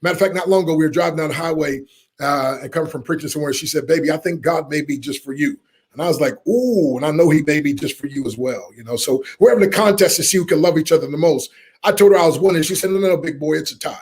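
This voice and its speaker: A middle-aged man, a motivational speaker telling a lively story in an interview and acting out the people in it. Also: a little high, rapid-fire, husky. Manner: animated storyteller, acts out quoted voices, laughs often.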